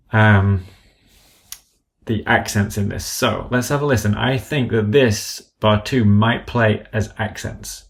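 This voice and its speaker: Low gravelly man walking through software. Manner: methodical, thinking aloud while clicking; calls out drum stickings in a low murmur. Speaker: app developer demonstrating software. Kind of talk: screen-recorded software tutorial.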